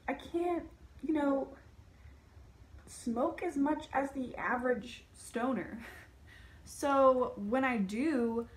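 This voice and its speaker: Young woman, vlogger, casual rant, chatty, lots of "like", fairly high voice. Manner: chatty, heavy use of "like", animated quoted asides.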